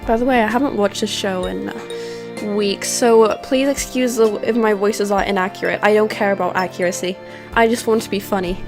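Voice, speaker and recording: A woman's voice: medium pitch, fairly even intonation, a little fast, over music. A woman streamer chatting casually and playfully through a game, often poking fun at herself. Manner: chatty, self-mocking and playful. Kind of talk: casual gaming livestream chat.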